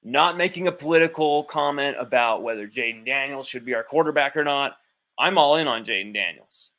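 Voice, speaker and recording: At home with his child nearby, a sports podcast host livestreams in a fairly quick, mid-range voice that is bright and forceful. His talk is casual, rambling, and blunt, with easy swearing.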